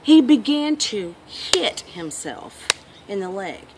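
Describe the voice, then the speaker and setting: A woman's voice: medium pitch, very animated, slow pace, noisy background. A woman vlogger telling a story in a casual, earnest, reflective monologue.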